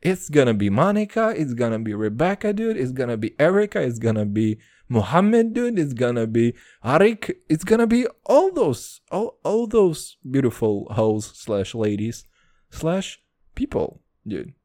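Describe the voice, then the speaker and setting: A man's voice: mid-range voice, sing-song, normal speed, darkish tone, dry recording, clean studio sound. A young man hosting a podcast, talking in a brash, profane, self-mocking comedic monologue. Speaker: podcast host.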